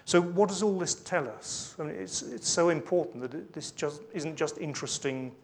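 A man's voice: fairly high pitch, moderate pace, slight background noise. A man preaching a sermon, reading scripture aloud with emphasis between conversational asides with light humour.

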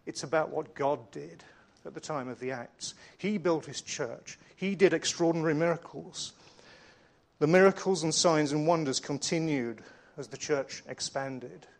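A man's voice: on the high side, measured pace, gravelly. A middle-aged man preaching a sermon with slides, earnest and conversational as he tells stories.

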